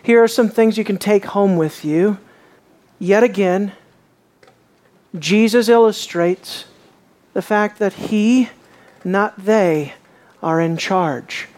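Slow, questioning sermon preacher. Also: mid-range voice. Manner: animated, conversational, rhetorical questions to the congregation.

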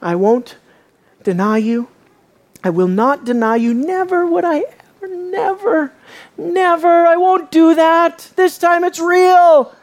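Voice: unhurried, pauses often, darkish tone, natural voice. A preacher voicing the disciple Peter as a boastful, overconfident man insisting he will stay loyal, in a sermon retelling. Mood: insistent. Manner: protesting, insistent, rising to a high strained pitch. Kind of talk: sermon retelling with acted quotes.

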